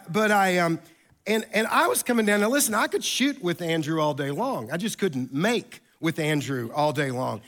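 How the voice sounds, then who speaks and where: A man preaching a sermon as pastor, telling stories in an animated, conversational way. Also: high voice.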